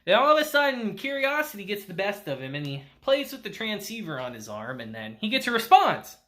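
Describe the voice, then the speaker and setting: This is a man reviewing an anime episode in a relaxed, chatty way. His voice is bright and forward, and his pitch leaps around as he acts out the characters' lines. He laughs a lot and drops casual swears. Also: fairly quick.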